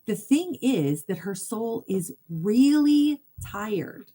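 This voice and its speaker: Slow and very animated, with few pauses, this woman's slightly high voice carries a dark tone. She hosts a casual live talk as a hypnotherapist, speaking earnestly to her audience and laughing easily between ideas.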